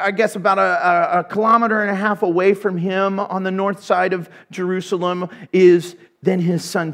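A man preaching a sermon, retelling a story in an animated way with humorous asides. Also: sits high.

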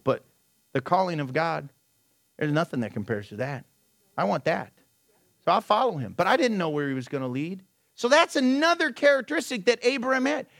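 A man preaching a sermon, telling stories with lively swings and asking the congregation rhetorical questions, sometimes dropping to low, quiet asides. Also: a little fast, no room sound. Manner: animated storytelling with sudden drops to a low, quiet aside. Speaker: pastor.

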